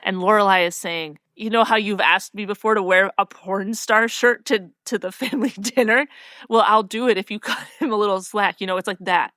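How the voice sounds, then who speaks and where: A woman's voice: mid-range voice, a little fast, pushed and bright, no echo, studio quality. Chatty woman podcast co-host. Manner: chatty, many likes and you-knows, laughs often. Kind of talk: casual recap chat.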